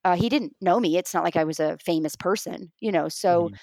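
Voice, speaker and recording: Animated woman telling stories, dry sound. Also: lowish voice, a little fast, vocal fry, no room sound. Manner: animated storyteller, acts out quoted lines. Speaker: guest actor. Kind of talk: casual remote interview chat.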